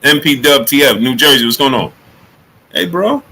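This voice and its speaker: A man hosting a casual boxing talk livestream, greeting chatters by name and jumping into high excited exclamations. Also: quick pace, low-quality recording. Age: adult. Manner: animated, rising to high excited exclamations when joking. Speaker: livestream host.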